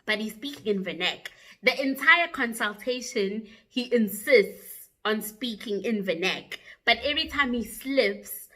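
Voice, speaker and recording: Bright-voiced South African woman storyteller. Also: fairly high pitch, measured pace, few pauses. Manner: chatty, animated retelling with asides to viewers. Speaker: YouTuber. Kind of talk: casual storytime vlog.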